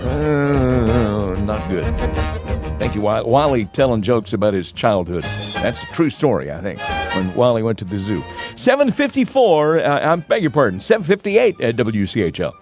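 A man's voice: mid-range voice, big pitch swings, moderate pace, music in the background. A man hosting a morning radio show, chatting and laughing easily between announcements. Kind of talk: live radio banter and announcements.

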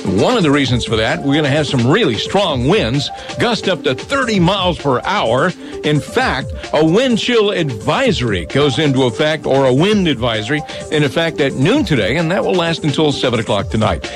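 Lively radio host over music. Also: male voice, on the high side. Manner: easygoing, quick agreeing banter. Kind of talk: morning radio show.

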